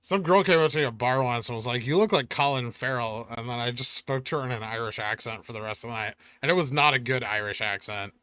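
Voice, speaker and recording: Talking fast with few pauses, this middle-aged finance streamer has a mid-range, bright, forceful voice with a clean tone. He reads comments and chats casually with his audience, cracking self-deprecating jokes. There's no room sound.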